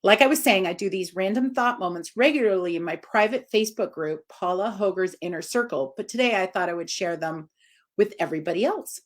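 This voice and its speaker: A forties-aged woman who works as a dog trainer delivers a relaxed live video talk, speaking a little fast. Her voice is expressive and leaps upward for emphasis.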